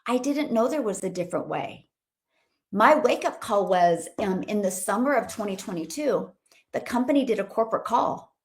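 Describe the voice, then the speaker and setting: A woman's voice: mid-range voice, lively intonation, moderate pace. A middle-aged woman hosting a livestream as a business coach, talking with upbeat, bubbly enthusiasm and calling out to viewers. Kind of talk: upbeat livestream talk reading viewer comments.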